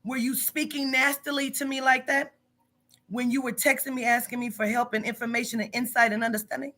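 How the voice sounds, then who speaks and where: A woman's voice: fairly high pitch, flat delivery, a little fast, sharp tone. A woman who runs a psychic reading business, confronting a staff member in a profane, emphatic monologue full of repetition.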